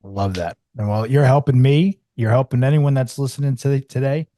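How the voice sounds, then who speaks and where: A man's voice: medium pitch, fairly quick, mellow. A man hosting a podcast interview, answering his guest with short affirming remarks. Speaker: podcast host. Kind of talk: casual interview.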